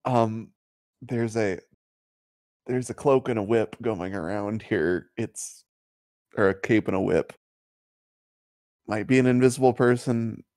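A man's voice: fairly low pitch, slow pace, pauses often, darkish tone, no echo, studio quality. A man playing in a tabletop game, thinking aloud in a hesitant, casual way. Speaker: player.

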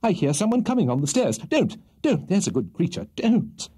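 A man voicing a kindly, flustered elderly gentleman in a storybook reading, with a genial, fussy, exclaiming manner. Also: mid-range voice, huge pitch swings, normal speed, breathy edge, voice pushed up, exaggerated voice.

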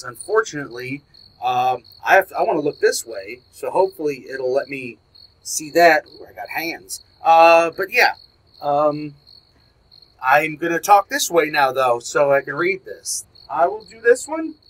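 Likely wearing a headset mic, a gaming YouTuber narrates his way through a VR horror game, jumping at scares, swearing, yelping and talking back to the game. His voice is on the high side with lively intonation and a slightly slow delivery. The recording quality is low.

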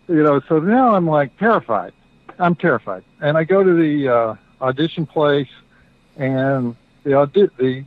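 A man's voice: medium pitch, no room sound. Man telling a story over a tinny line. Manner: halting, many fillers and restarts. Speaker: guest. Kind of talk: casual storytelling. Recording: dry tinny phone-like line.

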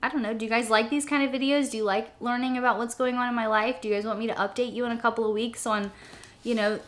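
A woman's voice: on the high side, steady tone, quick pace, fairly bright tone. A young woman, chatting casually to camera in her she shed, rambling with fillers and restarts. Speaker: vlogger.

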